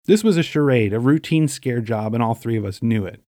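A middle-aged man from Staten Island, New York, narrating his memoir in a dry, wry, deadpan way. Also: mid-range voice, brisk, no echo.

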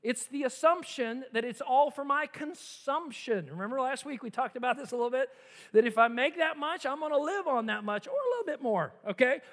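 Very high-voiced preacher in a reverberant hall. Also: male voice, expressive, a little fast, a bit bright. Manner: emphatic preaching with repetitions and rhetorical questions. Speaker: pastor. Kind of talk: sermon.

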